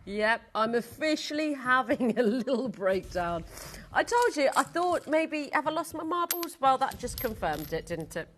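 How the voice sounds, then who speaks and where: A woman's voice: a little high, lively intonation, moderate pace, fairly bright tone, faint music behind. A young adult woman presenting on live shopping TV in a studio, gushing and theatrical.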